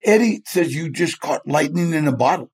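A man's voice: a little high, lively intonation, normal speed, darkish tone, husky. A man, a guest in an interview, telling stories animatedly, acting out the people he quotes and laughing often. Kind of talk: storytelling in a chat interview.

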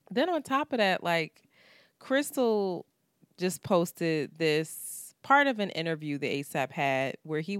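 A woman's voice: deep voice, clean tone, no room sound, studio quality. A woman co-hosting a podcast, telling a story in candid, profane casual chat. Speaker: podcast co-host.

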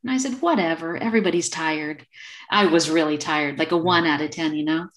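A woman's voice: low voice, animated, a little fast, a bit bright. A woman in her fifties, an acupuncturist guest on a video call, telling a story and acting out the quoted exchanges. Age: 50s. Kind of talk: casual storytelling interview.

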